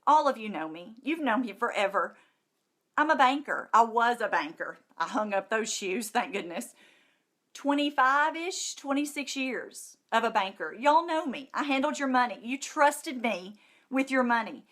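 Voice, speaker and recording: Brief: middle-aged woman, slightly high voice, emotional gushing testimonial, near tears. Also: expressive, moderate pace, a bit bright. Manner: gushing, emphatic and repetitive. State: close to tears. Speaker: vlogger.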